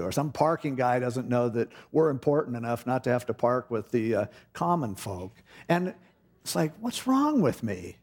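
A middle-aged man preaching a sermon, telling a personal story with animated delivery and acting out the voices in it. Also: mid-range voice, slightly rough. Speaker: pastor.

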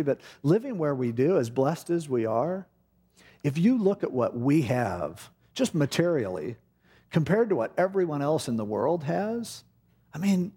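Animated man preaching a sermon. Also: a little high, breathy edge. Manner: animated storytelling, acting out quoted speech. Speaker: pastor. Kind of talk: sermon with personal story.

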